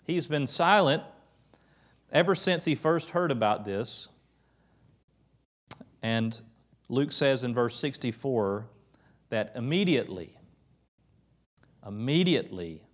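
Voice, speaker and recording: A man preaching a conversational, emphatic sermon in a church, retelling scripture with lively quoted voices. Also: mid-range voice. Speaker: pastor.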